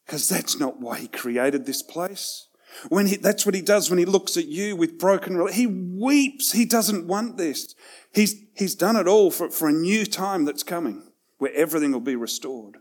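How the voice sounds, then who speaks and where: Animated man preaching a sermon. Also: sits high, normal speed. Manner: conversational, self-deprecating asides, swings between loud and hushed. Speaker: pastor.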